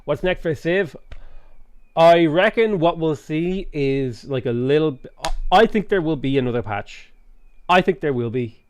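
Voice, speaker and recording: A man's voice: a little high, lively intonation, a little slow, smooth, no room sound. An Irish man streaming a strategy game, chatting in a rambling, foul-mouthed way and reading out chat. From Ireland. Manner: rambling, swears freely, reads chat aloud. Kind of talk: casual chat while playing a strategy game.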